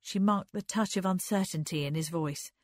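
A woman narrating a novel in a measured, even reading. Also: fairly low pitch, dry recording, studio quality. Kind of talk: scripted narration, audiobook.

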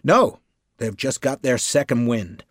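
A man's voice: medium pitch, lively intonation, a little slow, no room sound, studio quality. A man reading a chatty humble male secretary. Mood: cheerful.

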